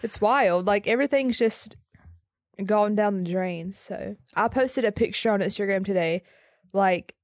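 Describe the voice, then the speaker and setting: A woman's voice: medium pitch, measured pace, no echo. Woman in her twenties, dry sarcastic manner, casual podcast chat, close dry sound. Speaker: podcast co-host. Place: sitting on her bed at home.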